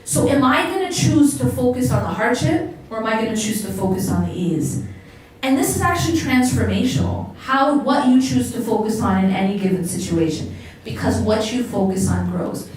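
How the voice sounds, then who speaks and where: A woman's voice: fairly high pitch, lively intonation, moderate pace, a little mellow, slight background noise. A woman giving a religious talk to a live audience as an Islamic lecturer, engaging the crowd with questions. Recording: echoey hall, voice picked up from a distance.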